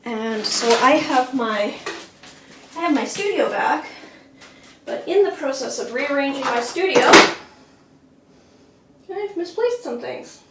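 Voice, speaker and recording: A woman's voice: high-pitched, lively intonation, takes it slowly, pauses often. A woman hosting a livestream while painting in her home art studio, chatting casually in a rambling, self-deprecating way. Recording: roomy room, faint background noise.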